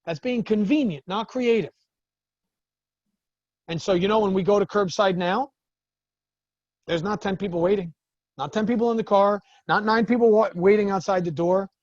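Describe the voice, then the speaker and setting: A man, a business coach, talking to business owners in an animated way and acting out the people in his stories. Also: sits high, normal speed, long pauses, no echo, muffled recording.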